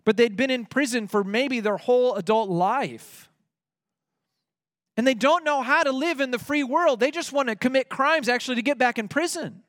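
Man, pastor, sermon, high voice, dry close sound, emphatic on scripture. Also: moderate pace, a bit bright, no echo. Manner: emphatic preaching, rising on quoted scripture.

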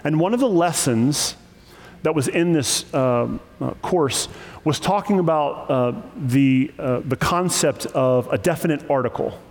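Lively preaching man, echoing hall. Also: on the high side, unhurried. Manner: lively and emphatic, with joking asides. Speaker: pastor. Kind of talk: sermon.

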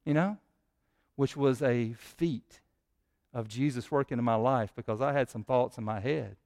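A man preaching a sermon as pastor, his voice swelling louder and higher when he prays. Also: normal speed.

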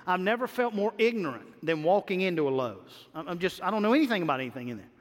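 High-voiced man preaching in a reverberant hall. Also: fairly bright tone. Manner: emphatic preaching, repeats key words, rises on refrains. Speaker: pastor. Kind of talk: sermon.

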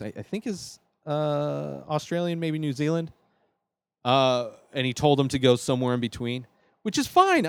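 Smooth-voiced man ranking films. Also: medium pitch, dry recording. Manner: rambling and enthusiastic, with many fillers and restarts. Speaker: show host. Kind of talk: casual film ranking monologue.

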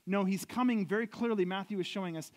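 Young adult male pastor, high pitch, conversational sermon delivery with scripture read in a lower, softer voice. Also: fast.

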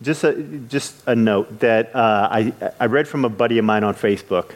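Earnest man preaching a sermon. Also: normal speed. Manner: earnest, rises in pitch and energy when retelling scripture scenes.

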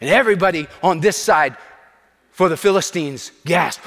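A male preacher telling a story in an animated, dramatizing way during a revival sermon. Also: normal speed, in a large hall. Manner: animated, dramatizing, shifts pitch for effect.

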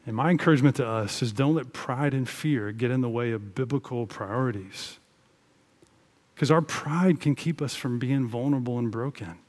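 A man delivering a sermon as a pastor, in a voice of ordinary pitch. He preaches in an earnest, conversational way and leans into his points with emphatic rises. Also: normal speed, a little mellow.

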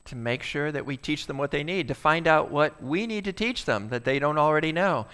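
A male pastor preaching a sermon, asking the congregation rhetorical questions and swinging between loud bursts and quiet asides. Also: on the high side, expressive, fairly quick, clear, resonant tone.

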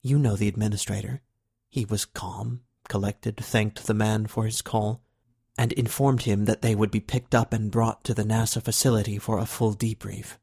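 Calm, formal male agent, read by a man, low and measured, audiobook. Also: gravelly, slightly rough, dry recording, studio quality. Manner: measured, respectful reporting.

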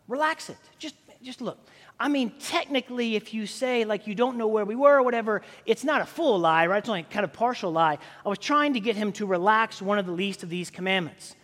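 High voiced guy preaching a sermon, chatty and rambling, lots of restarts, big echoey church reverb. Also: a little fast, few pauses, fairly bright tone. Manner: conversational storytelling with many fillers and restarts. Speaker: pastor.

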